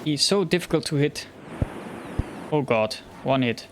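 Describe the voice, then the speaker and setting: Expressive and a little slow, with long pauses, a man with a fairly high voice gives let's play commentary over slight background noise. The gamer mutters fearfully and jumpily to himself, yelping when something frightens him.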